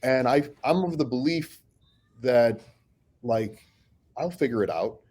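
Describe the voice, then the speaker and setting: A man in the middle pitch range of men, speaking as a podcast guest. He talks bluntly and swears freely. His storytelling is animated, with frequent restarts. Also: measured pace, husky. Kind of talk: casual podcast talk.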